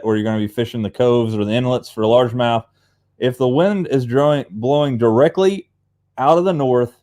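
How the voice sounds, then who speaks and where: A man's voice: medium pitch, dark tone. A young man with an Appalachian accent hosting a live fishing stream, chatting casually in a rambling way and greeting viewers by name. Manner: rambling and chatty, reads viewer comments aloud. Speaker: livestream host.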